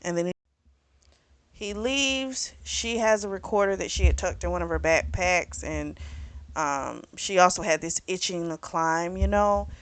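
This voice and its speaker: A woman's voice: lowish voice, unhurried, dry recording. A woman reviewing a book in a casual recap, rambling with plenty of fillers and blunt swearing. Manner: rambling, frank, swears freely, lots of fillers.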